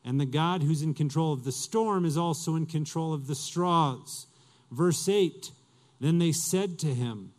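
A man's voice: on the high side, measured pace, a little mellow. A male pastor preaching a sermon in a conversational way, asking his listeners questions and reading scripture aloud.

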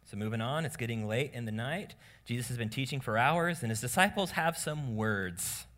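A man preaching a sermon as pastor, animated and casual, acting out voices of the people in the story. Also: medium pitch, moderate pace. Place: church room with congregation.

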